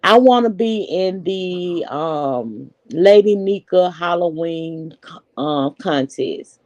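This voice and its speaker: Unhurried woman in her forties, dry close sound. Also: on the low side, expressive, darkish tone, no room sound, muffled recording. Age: 40s. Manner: chatty, unhurried, talks straight to viewers. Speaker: live stream host. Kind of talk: casual live-stream chat.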